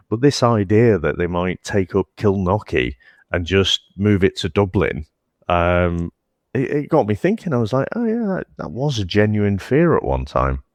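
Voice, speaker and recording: Deep-voiced man rambling in casual chat. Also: no room sound, clean studio sound. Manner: rambling, self-interrupting, quick to laugh. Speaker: podcast co-host. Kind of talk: casual film review chat.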